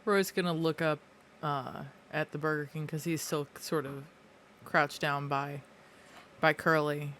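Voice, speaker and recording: A man plays his character at a tabletop game, slow and deliberate. His voice sits slightly high. Faint noise hums behind him. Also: little pitch movement, sharp tone. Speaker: player. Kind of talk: tabletop role-play.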